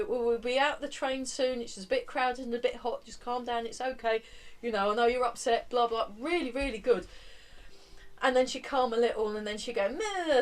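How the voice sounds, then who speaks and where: A fairly high-voiced woman leads a tai chi class in a relaxed, chatty way, counting the steps out loud. She sits a little back from the microphone, so her voice sounds slightly distant. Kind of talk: guiding a movement class.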